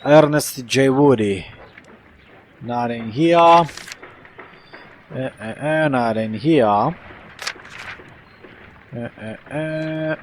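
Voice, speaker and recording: Slow, rambling let's play man. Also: mid-range voice, a little hiss or hum, rough recording. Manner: rambling, playful asides. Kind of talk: gameplay commentary.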